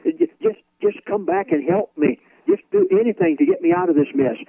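Man doing desperate average American, high stammering plea, phone line. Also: wildly swooping pitch, fairly quick, vocal fry, breathy edge, exaggerated voice. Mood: begging. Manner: pleading, stammering, high-pitched.

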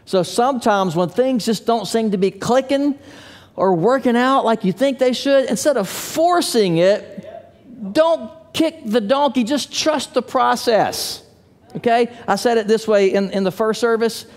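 High-voiced guy pastor preaching, playful storyteller, big echoey church. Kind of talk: sermon. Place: church sanctuary. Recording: long hall reverb.

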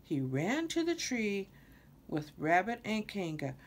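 An older woman slowly reading a children's storybook aloud, with a lot of expression. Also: mid-range voice, a little hiss or hum. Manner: slow, expressive reading with many character voices. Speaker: storybook reader.

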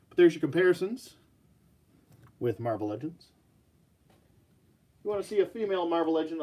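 A man's voice: medium pitch, a little mellow. A man hosting a casual live action figure review, joking and rambling as he talks to his viewers.

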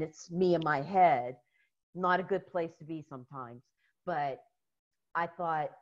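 An American woman, a guest in a casual interview, telling stories in an animated way and laughing often. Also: fairly low pitch, lo-fi sound. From United States.

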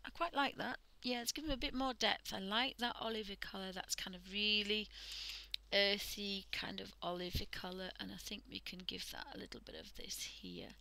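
Woman, from the UK, art stream host, half-whispered chatty demo, gravelly, sharp bright tone. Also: medium pitch, expressive, normal speed, poor audio. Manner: soft, often half-whispered while working, chatty with fillers. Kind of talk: casual drawing demonstration.

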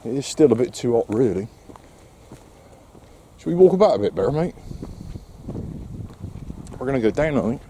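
A man's voice: medium pitch, big pitch swings, normal speed, pauses often, dark tone, a little hiss or hum. Wry Englishman narrating a seaside dog walk. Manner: wry, sarcastic asides to camera and dog. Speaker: vlogger walking his dog. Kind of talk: casual outdoor vlog commentary. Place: outdoors on a seaside quay.

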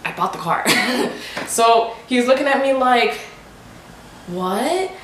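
Animated young woman telling a story. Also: a little high, unhurried, background noise. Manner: animated, emphatic, full of rhetorical questions. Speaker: vlogger. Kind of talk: storytime vlog. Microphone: desk USB microphone. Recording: roomy echo.

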